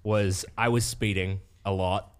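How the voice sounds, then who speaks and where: Low-voiced New Zealand man, hesitant. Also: steady tone, a little slow. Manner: hesitant, hedging with fillers. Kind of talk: casual storytelling chat.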